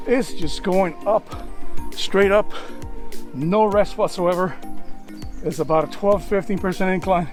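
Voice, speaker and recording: Winded man vlogging on a mountain climb. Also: sits high. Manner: huffing, enthusiastic, talks to viewers while hiking. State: out of breath. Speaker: travel vlogger. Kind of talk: walking vlog narration. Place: outdoors on a mountain trail.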